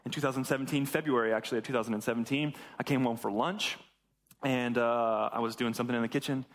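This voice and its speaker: Talking fast in a mid-range voice, this young man delivers a sermon as pastor. His retelling of a Bible story is lively and slangy, with the characters' dialogue performed in different voices.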